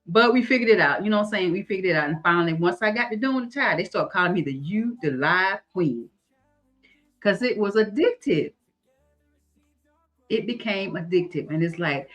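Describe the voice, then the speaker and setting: A woman's voice: fairly low pitch, expressive, brisk, soft background music. A middle-aged woman, chatting casually on a livestream and telling stories in a folksy way, calling listeners honey and baby. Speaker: guest, online creator.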